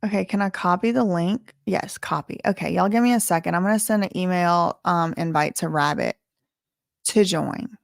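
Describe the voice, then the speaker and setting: A woman's voice: on the low side, normal speed, gravelly, no echo, clean studio sound. A woman with a Southern American accent hosting a casual livestream, thinking aloud with lots of fillers. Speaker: livestream host.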